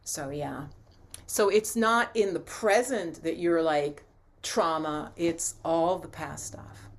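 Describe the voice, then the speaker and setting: A woman leads a calming acupressure and yoga session. Her voice is gentle and soothing, and she talks in a relaxed, chatty way, full of small fillers. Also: low voice, slow pace. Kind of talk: guided session with casual talk.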